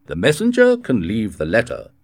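A man's voice: fairly low pitch, wildly swooping pitch, moderate pace, no room sound. A man reading a storybook voices a blunt prison governor, speaking in a brusque, commanding way. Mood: dismissive.

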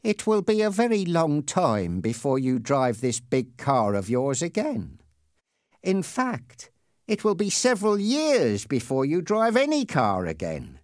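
A man reading the part of a big, red-faced motorcycle policeman who taunts softly and sarcastically, then turns stern and severe. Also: on the high side, wildly swooping pitch, a little slow, dry recording, clean studio sound, voice pushed up. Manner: soft sarcastic taunting that bursts into loud shouting. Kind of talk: audiobook character reading.

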